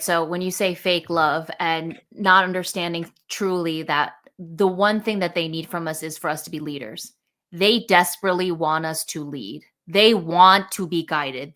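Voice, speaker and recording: A woman hosting a podcast, talking emphatically with lots of "like" and "you know". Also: fairly low pitch. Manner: emphatic, animated, filler-heavy. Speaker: podcast host. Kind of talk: conversational podcast chat.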